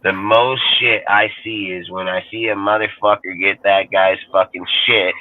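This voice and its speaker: A man's voice: lowish voice, steady tone, moderate pace, few pauses. A man ranting on a sports podcast panel, swearing constantly and rambling heatedly in casual talk. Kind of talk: profane casual rant. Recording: tinny phone-like line.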